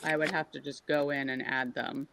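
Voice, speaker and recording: Gravelly-voiced woman fumbling on a call. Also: very deep voice, flat delivery, normal speed, a bit bright. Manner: fumbling with the computer, keeps saying "hang on a second". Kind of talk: casual video-call meeting. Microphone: video call.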